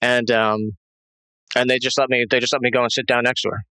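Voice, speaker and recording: A man's voice: medium pitch, level tone, brisk, pushed and bright, smooth, no echo, rough recording. Male interview guest, agitated, rambling storyteller, dry close sound. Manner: rambling, many restarts and fillers; tense, agitated retelling. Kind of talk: recounting a personal story.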